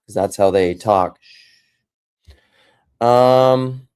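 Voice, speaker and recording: A man's voice: mid-range voice, very slow, a little mellow, smooth. A man talking casually from home on a live stream, rambling and joking between serious points. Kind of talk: casual livestream monologue.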